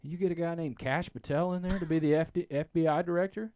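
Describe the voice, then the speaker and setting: Podcast host guy, rambly, lots of restarts, sudden loud bursts, dead dry close mic. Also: fairly high pitch, steady tone, fast, no echo. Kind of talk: casual podcast chat.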